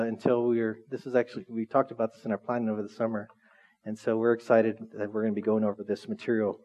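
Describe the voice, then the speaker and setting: A man's voice: medium pitch, darkish tone, dull audio. A man preaching a casual sermon as pastor, chatty and joking with the congregation.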